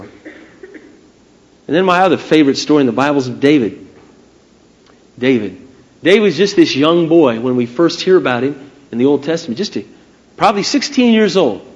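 A man preaching a sermon, retelling stories in an animated way and speaking straight to his listeners. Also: medium pitch, muffled recording.

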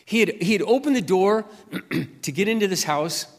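Earnest pastor in an echoing hall. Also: male voice, sits high, lively intonation. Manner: earnest storytelling, swells loud and slow reading scripture. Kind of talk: sermon with personal story and scripture reading.

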